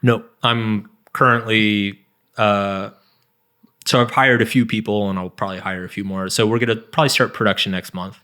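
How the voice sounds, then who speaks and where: A man in his thirties, a guest author on an interview podcast, speaks in a lowish, steady, sharp-toned voice at normal speed. His casual chat rambles loosely, packed with "like" and frequent restarts.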